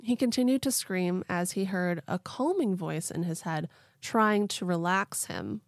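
Gravelly-voiced woman telling a story. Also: lowish voice, measured pace, dry recording, studio quality. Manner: chatty, playful, many "like" fillers. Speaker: podcast host. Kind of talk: casual storytelling chat.

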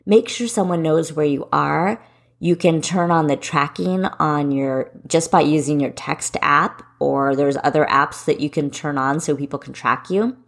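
A woman's voice: deep voice, a little slow, vocal fry. A woman in her forties hosting a solo podcast, giving running tips in a direct, encouraging way. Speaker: podcast host and running coach.

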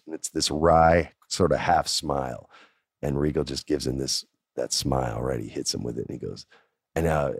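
Deep-voiced man telling a casual story. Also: creaky, husky, no room sound, studio quality. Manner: animated, conversational, lots of fillers.

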